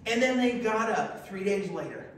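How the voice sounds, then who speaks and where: A man preaching a sermon, reading scripture aloud and leading his congregation in call-and-response, lively and exclamatory, joking with the people in front of him. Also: high-pitched, normal speed, recorded from a distance. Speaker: pastor. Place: church sanctuary. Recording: very echoey hall, voice from afar, faint hiss.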